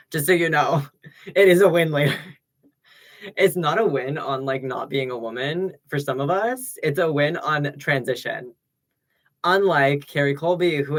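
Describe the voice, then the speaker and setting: A man hosting a casual livestream rant into a laptop's built-in mic, sassy and rambling, swinging between loud remarks and low mutters. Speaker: livestream host.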